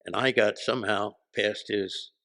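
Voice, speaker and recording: A man, a podcast guest telling stories in animated casual chat, acting out the voices he quotes. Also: lowish voice, unhurried. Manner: animated, acts out quoted voices, laughs often.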